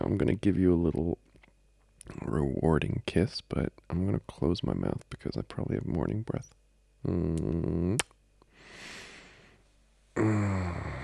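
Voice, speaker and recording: A clingy, teasing young boyfriend, played by a man, murmurs in a whispered role-play. His deep voice is gravelly and breathy. He drawls slowly with a lively, swooping lilt. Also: dry recording, full character voice. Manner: soft intimate whispering with giggles. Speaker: ASMR role-play creator.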